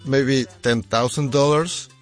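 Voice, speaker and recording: A man voices an interview translation in English, speaking conversationally and reflectively. His pitch is mid-range, with faint music underneath. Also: fairly even intonation, takes it slowly. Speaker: voice-over interpreter.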